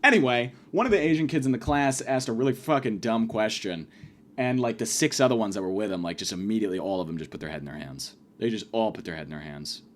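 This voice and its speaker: A man's voice: lowish voice, expressive, fast. A young man giving a crude, rambling comedic rant about his college.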